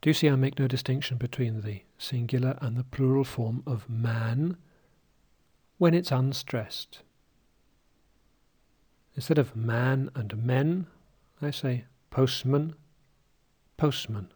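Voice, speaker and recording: A man teaching pronunciation, saying single words one by one in a careful, deliberately articulated drill. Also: mid-range voice, darkish tone, slightly rough.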